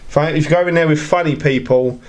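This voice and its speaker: A man chats loosely on a podcast, his voice sitting a little higher than most men's. He rambles through stories with many restarts and acts out the lines of the people in them. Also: fast talker, darkish tone. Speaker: podcast guest. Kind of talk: casual chat.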